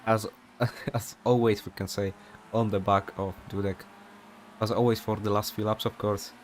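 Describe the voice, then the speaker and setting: Young guy doing chill sim race commentary, lots of uhs, lowish voice. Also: little pitch movement, moderate pace, a little hiss or hum. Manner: casual, rambling, many fillers and asides.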